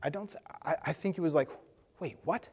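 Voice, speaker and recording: Conversational preacher in an echoing hall. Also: male voice, a little high, fast talker, darkish tone. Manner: conversational, acts out voices of Bible figures. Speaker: pastor. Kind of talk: sermon.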